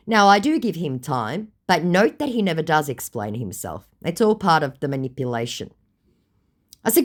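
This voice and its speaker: Sarcastic lady retelling a scam chat, lowish voice, lots of ups and downs. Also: animated, a little fast. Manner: scornful, sarcastic. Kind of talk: sarcastic storytelling.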